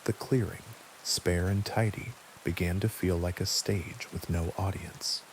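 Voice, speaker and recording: A man reading a scary bedtime story aloud in a calm, steady storytelling manner. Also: deep voice, a little slow, a little hiss or hum, low-quality recording. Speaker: narrator. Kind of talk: scripted horror narration for sleep.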